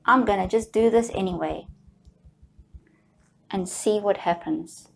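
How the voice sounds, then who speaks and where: A woman guiding viewers through a slow, soothing tapping session, leading them in repeated affirmations. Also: medium pitch, vocal fry, slight background noise. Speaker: EFT tapping guide.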